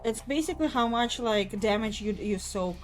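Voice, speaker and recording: A woman's voice: on the high side, animated, moderate pace, faint music behind. A young adult woman streamer in casual, giggly gameplay chat. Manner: giggly, chatty.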